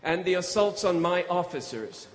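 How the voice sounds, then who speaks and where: A man's voice: high voice, animated, normal speed, in a large hall. A man voicing a prison governor who speaks in a formal, earnest way. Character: grateful middle-aged male prison governor.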